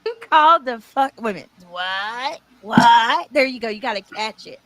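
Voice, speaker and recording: A woman's voice: on the high side, expressive, normal speed, a bit bright, no room sound. A woman co-hosting a reaction commentary, giggling and mocking the people in the clips. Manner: giggly, mocking, imitating voices. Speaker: co-host.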